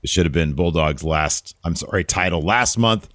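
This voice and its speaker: A man co-hosting a casual wrestling review podcast, animated and profane, with quick asides. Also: low-pitched, dry recording, studio quality. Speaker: podcast co-host.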